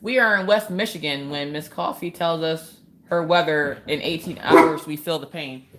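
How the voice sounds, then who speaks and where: A chatty woman in her thirties, originally from Pennsylvania, hosts a relaxed crafting livestream from her home. Her voice sits a little low, and she laughs easily while telling stories about her kids. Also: moderate pace. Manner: chatty, laughs often, tells family stories. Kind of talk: casual livestream chat. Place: home, indoors.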